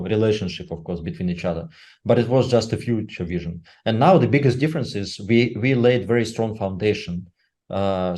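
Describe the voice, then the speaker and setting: A man speaking unscripted on a webinar, halting and filling pauses with "uh" and asking "right?" again and again. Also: fairly low pitch, warm tone. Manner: halting, full of "uh" and tag "right?". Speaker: company leader speaking on a webinar.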